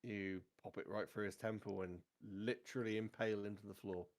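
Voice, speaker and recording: A man, narrating a tabletop game as game master in a relaxed, chatty way. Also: on the low side, fairly quick.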